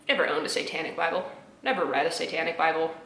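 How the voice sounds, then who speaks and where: A young woman at home, reacting to memes with sarcastic, animated commentary, laughing often and dropping into muttered asides. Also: low-pitched, racing, vocal fry, roomy sound, a little hiss or hum. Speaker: video creator reacting to memes. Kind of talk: casual commentary vlog. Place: home apartment.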